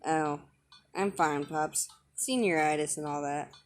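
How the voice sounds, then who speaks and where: A woman's voice: sits low, measured pace, slight background noise. A woman voicing an evasive teenage girl who gives short, dismissive replies to her father. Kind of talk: reading a dating-sim script aloud.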